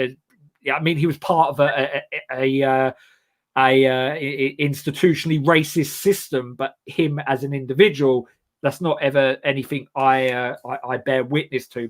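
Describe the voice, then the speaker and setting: A young man from England hosting a casual comedy chat show, rambling and self-mocking with many halting restarts. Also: medium pitch. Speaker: host.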